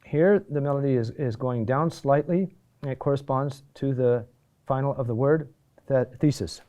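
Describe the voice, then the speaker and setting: A man teaching a lesson on chant rhythm, pausing often with fillers and restarts and checking in with a quick "huh?". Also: medium pitch, dark tone. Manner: halting, many fillers and restarts, asks "huh?".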